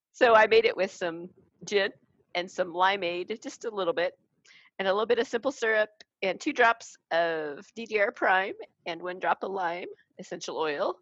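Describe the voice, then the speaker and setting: A woman co-hosting a casual podcast chat, playful and quick to laugh. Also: medium pitch, a bit bright, dry recording, muffled recording. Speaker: podcast co-host.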